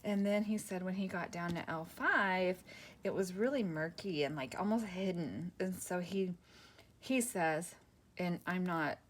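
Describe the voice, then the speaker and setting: Lady vlogger chatting while she crafts, low-ish voice, rambly, keeps interrupting herself, bit of faint hiss. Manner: rambling, self-interrupting, laughs often. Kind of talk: casual chat while crafting.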